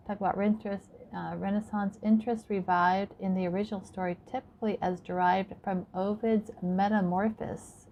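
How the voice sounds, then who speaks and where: A woman talking in a rambling monologue to her viewers, listing words and numbers one after another. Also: medium pitch. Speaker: video creator. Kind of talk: casual monologue. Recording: dull lo-fi sound, faint background noise.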